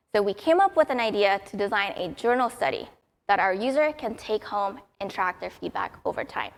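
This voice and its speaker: A woman's voice: mid-range voice, fairly bright tone. A young adult woman giving a prepared conference talk in an upbeat, storytelling way. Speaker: conference speaker.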